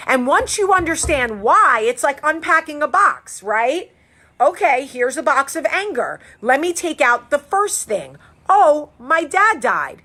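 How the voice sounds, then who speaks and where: A woman host giving a frank, animated monologue, swearing casually as she talks. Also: high-pitched, a little slow. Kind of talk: candid monologue.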